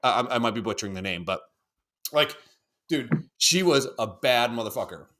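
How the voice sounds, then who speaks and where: A man in his thirties co-hosts a podcast, rambling through casual chat, swearing a lot and acting out other people's voices. His mid-range voice is animated, bright and forceful, at a normal speed.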